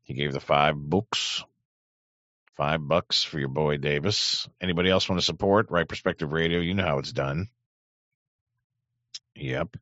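A man's voice: extremely low pitch, a little slow, pauses often, fairly bright tone, dry recording. A man hosting an online radio show, reacting bluntly and crudely to clips and often repeating himself. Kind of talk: casual reaction commentary. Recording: dry, dull lo-fi mic.

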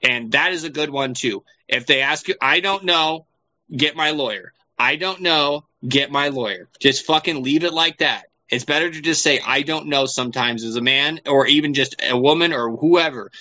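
A man's voice: a little high, normal speed, sharp tone. A man chatting casually as a podcast co-host, rambling and profane with lots of fillers, on a dull lo-fi recording. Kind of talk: casual chat.

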